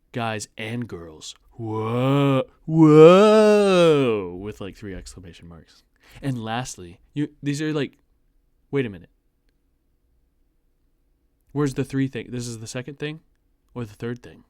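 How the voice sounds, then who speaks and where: A young man from the United States reads an online post aloud in a lowish voice. He keeps breaking off to mock it with sarcastic asides in loose, casual commentary. The sound is dry and close, with no room in it. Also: no room sound. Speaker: host reading online posts.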